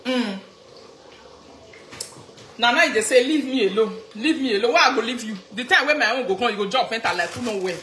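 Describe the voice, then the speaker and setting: A woman speaking Nigerian Pidgin, teasing and animated as she comments, laughing often. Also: fairly high pitch, fairly quick, long pauses, reverberant, slight background noise. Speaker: vlogger. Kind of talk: casual commentary vlog.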